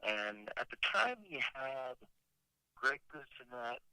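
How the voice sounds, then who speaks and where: Taking it slowly, a man in his fifties speaks with a smooth, medium-pitched voice over a dry, poor-quality line. He is a rock singer phoning in as a guest, casually spinning a long tale and animatedly performing the dialogue of others.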